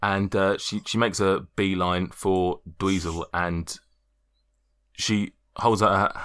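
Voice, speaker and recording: A man's voice: low voice, flat delivery, slow pace, a bit bright, clean tone. A man narrating as game master in a tabletop game, rambling with many fillers and restarts.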